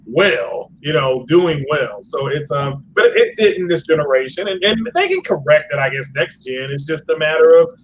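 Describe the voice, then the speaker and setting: A man's voice: on the high side, moderate pace, few pauses. A man talking as a podcast guest, rambling and stopping to restart his sentences, full of fillers. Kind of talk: casual podcast chat. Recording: muffled lo-fi call audio with faint noise.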